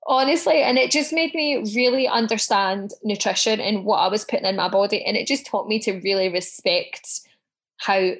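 Woman, podcast guest, casual chat, middle pitch, swears freely, acts out quotes. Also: moderate pace. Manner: animated storyteller, swears freely, acts out her own quotes.

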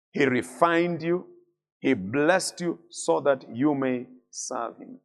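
A middle-aged man preaching a sermon as a bishop, building emphasis through repeated phrases and letting key words fall low and soft at the end.

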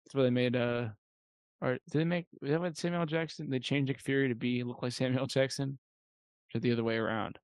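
A man co-hosting a podcast in casual comedic chat, wry and sarcastic and quick to laugh. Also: mid-range voice, steady tone, clean tone, no echo, studio quality. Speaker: podcast co-host.

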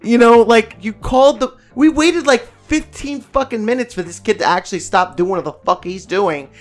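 A man's voice: very high-pitched, moderate pace, soft background music. A young man co-hosting a podcast, telling a family story in casual chat, swearing often and acting out what others said. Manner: animated, swears a lot, acts out family quotes. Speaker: podcast co-host.

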